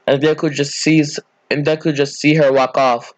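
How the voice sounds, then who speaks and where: A man's voice: a little high, flat delivery, normal speed, dry recording. Rambling man telling a fan story. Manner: rambling, self-correcting, casual. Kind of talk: improvised fan story narration.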